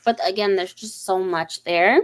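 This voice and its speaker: A woman talking casually on a stream, telling a long story. She rambles with plenty of ums and likes, her pitch sitting in the middle range. Her delivery is loose and conversational. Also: normal speed. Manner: rambling, animated storytelling with many fillers. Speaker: host. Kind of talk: casual chat.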